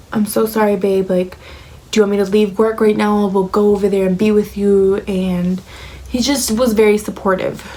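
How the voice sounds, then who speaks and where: Young woman vlogging a life update, lots of likes and ums, mid pitch, emotional. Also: darkish tone, rough recording. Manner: emotional, heavy filler words like "like" and "um".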